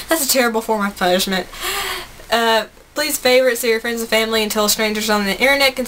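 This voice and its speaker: Bubbly young woman with a bright voice. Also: on the high side, fast talker, a little hiss or hum. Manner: chatty and bubbly, rambling with laughs and asides. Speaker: gaming vlogger. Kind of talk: casual chat to camera.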